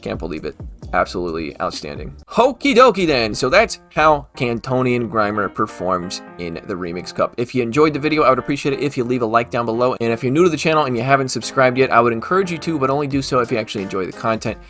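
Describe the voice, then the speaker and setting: A man hosting a gaming channel, casually commenting on online battles with chatty asides and quick self-corrections. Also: mid-range voice, lively intonation, fairly bright tone, faint music behind.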